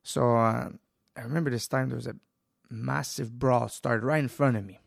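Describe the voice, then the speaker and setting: A man telling a story in a casual interview, animated and swearing, acting out quoted lines. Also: mid-range voice, normal speed, gravelly, no room sound, clean studio sound. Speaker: guest, jiu-jitsu school owner.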